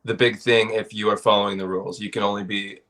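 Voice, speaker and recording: A man's voice: fairly low pitch, flat delivery, fast talker, a bit bright. Laughing, profane storytelling man. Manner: laid-back, profane storytelling with frequent laughter. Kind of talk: casual podcast conversation.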